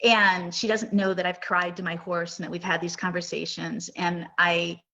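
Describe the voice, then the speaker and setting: A woman's voice: fairly low pitch, little pitch movement, moderate pace, creaky, bright, forceful tone, poor audio. Earnest woman host telling a story. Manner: emotional, earnest storytelling with many restarts. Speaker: podcast host. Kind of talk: storytelling on a live podcast.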